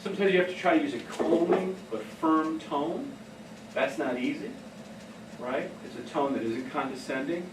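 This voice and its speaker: A man's voice: on the high side, moderate pace, heavy background noise. Man giving a casual workshop talk. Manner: casual, anecdotal, laughs at own stories. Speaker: trainer. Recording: echoey room, heard from a distance.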